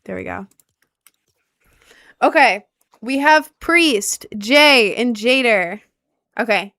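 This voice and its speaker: A woman's voice: fairly high pitch, slow, vocal fry, long pauses, soft background music. Chatty young American woman streamer. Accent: American with slight Southern and New York touches. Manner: excitable, shrieks and repeats exclamations. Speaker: gaming streamer. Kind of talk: casual live-stream chat.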